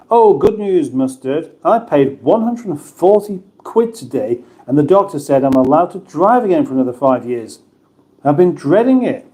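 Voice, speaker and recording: A man's voice: a little high, big pitch swings, moderate pace, dark tone. A middle-aged man from the UK hosting a casual livestream, chatting and rambling through viewer comments with restarts and banter. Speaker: livestream host. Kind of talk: casual live chat reading viewer comments.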